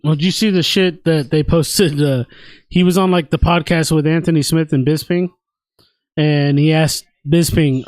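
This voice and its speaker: A man co-hosting a fight watch party podcast, an animated storyteller who acts out the quotes in casual chat. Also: fairly high pitch, moderate pace, no room sound. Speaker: podcast co-host.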